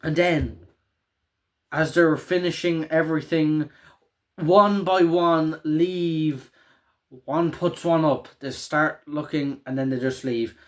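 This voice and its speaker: A young male vlogger with a fairly high, steady voice talks slowly through a casual, emotional recap of a TV finale. He rambles, swears constantly, and keeps adding "right?" to the ends of his sentences.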